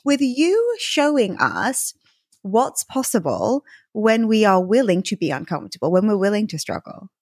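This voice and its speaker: A woman's voice: mid-range voice, sing-song, moderate pace, darkish tone, dry recording, studio quality. A woman hosting an interview, enthusiastic and affirming, often laughing as she talks. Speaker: podcast host. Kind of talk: casual interview chat.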